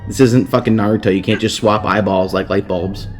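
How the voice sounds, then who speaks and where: Low-voiced man recapping a book crudely. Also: steady tone, fairly quick, soft background music. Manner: crude, rambling, swears freely. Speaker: podcast host. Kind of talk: casual comedic book recap.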